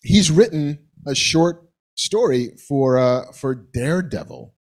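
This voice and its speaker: A laid-back man co-hosts a live podcast on a cinema stage. His pitch jumps around lively, and he often repeats the host's lines back or drops a quick joke. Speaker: podcast co-host. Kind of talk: live podcast chat with an audience.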